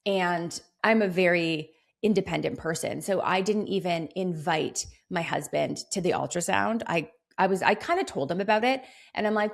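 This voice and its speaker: A woman's voice: on the low side, moderate pace, gravelly, hardly any pauses. A woman podcast host and business coach telling personal stories in a motivational solo monologue, acting out the lines of people in them. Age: 30s. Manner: warm storytelling, motivational, acts out quoted dialogue.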